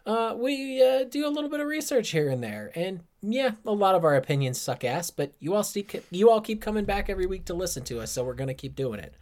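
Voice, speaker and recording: A man's voice: high voice, very animated, brisk, few pauses, a little mellow. A man co-hosting a podcast in an easygoing, wry way, reading the intro and episode details. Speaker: podcast co-host. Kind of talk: casual chat.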